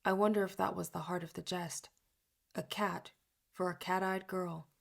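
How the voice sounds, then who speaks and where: Gravelly woman reading an audiobook. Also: fairly low pitch, fairly even intonation, normal speed. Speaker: audiobook reader. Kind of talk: audiobook narration.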